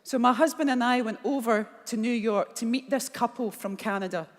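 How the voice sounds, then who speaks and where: A woman's voice: on the high side, moderate pace. Blunt Scottish woman in a reverberant hall. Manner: blunt, animated anecdotes with acted-out dialogue. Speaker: keynote speaker. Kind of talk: motivational keynote storytelling. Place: large conference hall.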